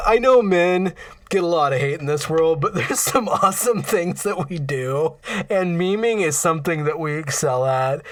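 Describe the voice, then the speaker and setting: A man's voice: a little high, fairly bright tone. Rambling, fired-up man livestreaming. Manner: rambling, impassioned, stammers and restarts. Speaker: livestream host. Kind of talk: casual livestream monologue.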